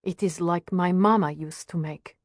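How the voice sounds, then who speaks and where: A reserved older mother, read by a woman narrator, speaks in short, formal sentences. Her voice sits low and dry. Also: unhurried, no room sound. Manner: terse, formal speech without contractions.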